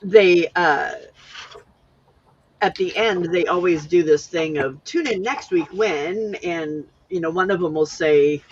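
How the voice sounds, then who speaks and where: A woman's voice: sits low, muffled recording, slight background noise. A woman hosting a casual late-night crafting live stream, chatty and giggly, reading out viewer comments. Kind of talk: casual chat.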